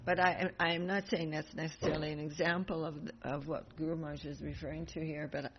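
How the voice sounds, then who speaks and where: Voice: mid-range voice, level tone, fast talker. A speaker teaching a devotional class, telling stories in a rambling, chatty way with frequent laughs and self-corrections. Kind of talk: casual storytelling in a devotional class. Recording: dull lo-fi class recording with faint noise.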